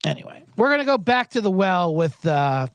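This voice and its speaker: A man's voice: high-pitched, very animated, brisk, no room sound. A man hosting a sports betting show, chatting casually in a rambling, sarcastic way with frequent swearing. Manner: rambling, profane, sarcastic asides. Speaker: sports betting podcast host. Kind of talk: casual solo chat.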